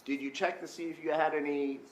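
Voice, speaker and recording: Attorney questioning in a roomy courtroom. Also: male voice, on the high side, fairly even intonation, a little fast. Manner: hesitant questioning, restarts and fillers. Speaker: defense attorney. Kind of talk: courtroom cross-examination. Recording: roomy courtroom audio with faint hum.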